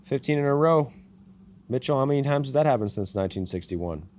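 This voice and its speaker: A man's voice: mid-range voice, fast, slight background noise. A man hosting a casual sports podcast, reading out stats and trading sarcastic jabs, swearing freely. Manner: reads out stats with animated delivery. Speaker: podcast host.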